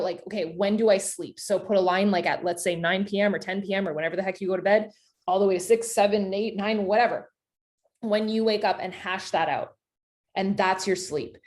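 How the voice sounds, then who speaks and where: Chatty woman coaching an online group. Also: mid-range voice. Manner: chatty, animated, many "like" fillers. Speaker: coach leading a live workshop.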